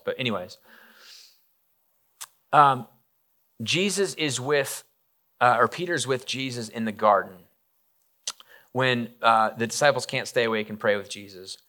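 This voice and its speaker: Guy preaching like he's chatting, bright sharp voice, lots of "like" and "right?". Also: mid-range voice, a little slow, pauses often. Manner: casual, animated, many fillers and asides. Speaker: pastor. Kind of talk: conversational sermon storytelling.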